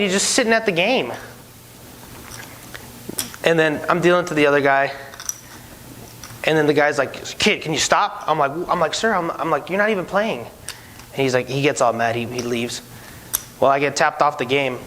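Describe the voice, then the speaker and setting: A man who used to be a casino dealer tells stories in a casual chat, animated and acting out the people in them. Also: fairly high pitch, moderate pace, pauses often, a little hiss or hum, poor audio. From Hispanic heritage, no country given. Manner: animated, acts out voices in his stories, many restarts. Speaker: podcast co-host, former casino dealer.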